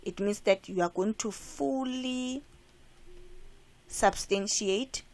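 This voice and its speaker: Speaking slowly at a medium pitch, a woman with a South African accent explains exam comprehension questions to her English class. She punctuates the lesson with "right?" to make sure students follow.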